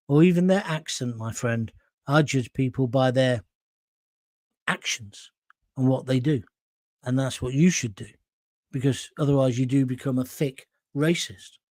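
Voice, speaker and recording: A man's voice: medium pitch, fairly even intonation, a little slow, long pauses, darkish tone, no room sound, studio quality. A man hosting a live stream. He reads viewers' comments aloud and answers them in a blunt, emphatic, opinionated way, with some mild swearing, and he sounds hot and sweaty. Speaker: host of a live current-affairs stream.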